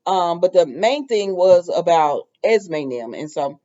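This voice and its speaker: A woman's voice: on the low side, expressive, unhurried, dark tone, highs cut off. A woman casually recapping a soap opera episode, chatty and loose, with lots of fillers and asides.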